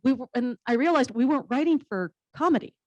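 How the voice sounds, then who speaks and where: Fast and expressive, with a high voice, a woman comedian and actress recounts stories on a panel in a blunt, candid, humorous style, swearing freely. The high frequencies of the recording are cut off.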